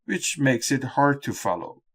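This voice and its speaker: A man narrating a scripted lesson on exam speaking skills in a measured, instructional way. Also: mid-range voice, very animated, a little hiss or hum. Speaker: exam-prep teacher.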